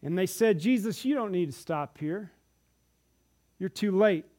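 A man with a notably high-pitched voice delivers a storytelling sermon in a church. He is animated, dropping into the voices of the people in the stories he tells. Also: a little slow. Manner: animated, acts out the characters' lines in the stories. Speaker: preacher.

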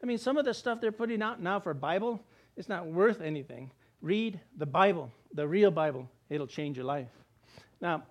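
An older man preaches a sermon as a pastor, his high voice animated as he asks rhetorical questions and acts out the quotes.

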